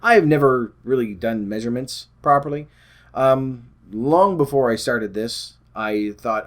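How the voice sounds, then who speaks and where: A man talks to his camera in a loose, wandering way and often drifts off his point. His voice sits at an ordinary middle pitch, and he laughs at himself as he goes. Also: normal speed. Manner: rambling, self-deprecating, chatty. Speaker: weight loss vlogger. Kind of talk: casual chat to camera.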